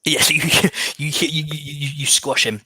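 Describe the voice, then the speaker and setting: A man's voice: fairly high pitch, fairly even intonation, normal speed, sharp tone, slightly rough, no echo. A man narrating as game master of a tabletop game, speaking casually with many fillers, restarts and repeated words.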